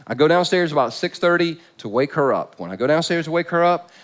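A male pastor delivering a sermon with humor and emphasis. He repeats phrases to drive points home, and his voice sits a little higher than most men's. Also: animated, quick pace.

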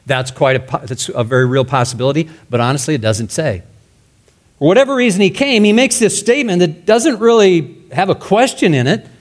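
A male pastor preaching a sermon emphatically, his voice rising loud and dropping to a hush. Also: sits high. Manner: emphatic, swinging between loud and hushed.

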